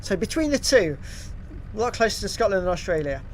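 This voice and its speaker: A man's voice: high-pitched, sing-song, fairly quick, slight background noise. A middle-aged English man chatting casually on a live stream, reading out viewer comments with frequent ums and uhs. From England.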